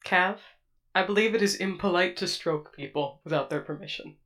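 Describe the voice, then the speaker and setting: A woman's voice: lowish voice, moderate pace, a bit bright, natural voice. Woman playing a prim, formal droid. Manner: stiff, formal and precise.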